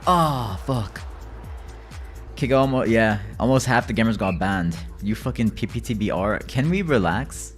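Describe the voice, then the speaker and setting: A man streaming a game from home, chatting loosely with viewers, swearing freely and swinging between low mutters and loud rants. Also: animated, normal speed, faint music behind. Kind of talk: casual live-stream chat while gaming.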